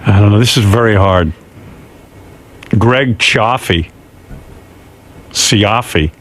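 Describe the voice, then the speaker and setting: A man's voice: on the low side, takes it slowly, fairly bright tone. A man hosting a radio show in casual, wry banter. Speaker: radio host.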